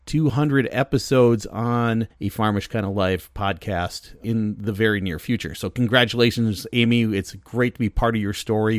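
Chatty male podcast host, low voice. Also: no room sound, clean studio sound. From US Midwest. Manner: upbeat, chatty, folksy. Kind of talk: casual podcast chat.

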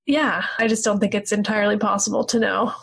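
A woman's voice: medium pitch, fairly even intonation, fast talker, vocal fry, breathy edge, rough recording. A woman hosting a podcast interview in a friendly, upbeat conversational way. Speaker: podcast host. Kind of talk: casual interview chat.

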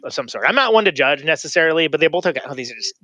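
A man spins an animated tour story in loose podcast chat, swearing as he goes. His voice sits a little high and bright. It swings widely in pitch and sounds dry and close. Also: rapid-fire, no room sound. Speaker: musician telling a tour story.

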